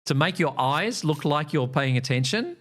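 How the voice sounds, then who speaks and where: A man's voice: a little high, expressive, moderate pace. An Australian man streaming, chatting casually and telling a meandering story full of ums and uhs.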